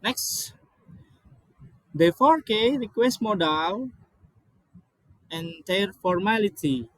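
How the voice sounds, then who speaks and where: Non-native English speaker, male, high voice, dry close recording; halting slide-reading delivery with frequent restarts. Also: lively intonation, no room sound, rough recording. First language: not English. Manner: halting, many restarts and apologies.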